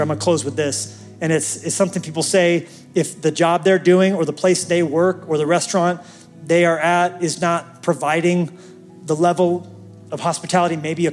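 A man's voice: fairly high pitch, darkish tone. A man preaching a sermon as pastor, telling a story and building to fervent calls to the congregation.

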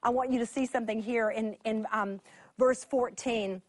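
High, animated woman Bible teacher; dry, close sound. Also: normal speed, no echo. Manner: animated, laughing storyteller. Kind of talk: teaching sermon.

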